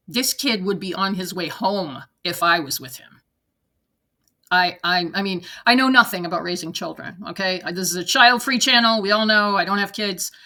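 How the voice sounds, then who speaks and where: A woman's voice: mid-range voice, sharp tone. A woman in her forties or fifties hosting a reaction video from her desk at home, reading online posts aloud and ranting bluntly with swearing and laughter. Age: 40s to 50s. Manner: blunt, profane, laughing rants.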